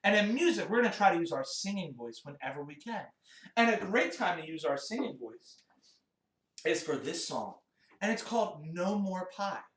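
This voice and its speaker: Male children's music teacher, upbeat and encouraging, animated delivery, recorded off-mic in a reverberant room. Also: high-pitched, normal speed, recorded from a distance. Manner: upbeat, encouraging, speaks to kids. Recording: roomy, off-mic, guitar behind.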